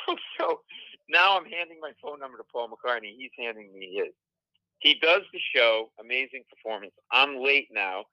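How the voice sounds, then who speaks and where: Comedian guest, man from Rhode Island, very bright voice, dry close sound, acts out quotes. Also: medium pitch, brisk, dry recording, dull audio. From Rhode Island, USA. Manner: animated storytelling with acted-out quotes. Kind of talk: talk show anecdote.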